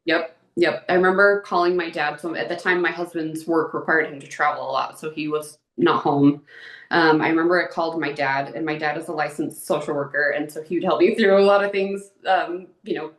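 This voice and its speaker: A woman in her thirties with a low voice, speaking as an interview guest. She talks openly and emotionally, with lots of "like"s. The room around her is echoey. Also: fairly even intonation, a little fast. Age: 30s. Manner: open and emotional, chatty with many "like"s. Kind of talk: candid personal interview.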